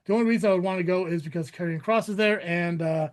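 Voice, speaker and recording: Man, high voice, slight lisp, loose podcast co-host, cusses freely. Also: fast talker. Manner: rambling, swearing, laughing often. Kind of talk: casual podcast chat.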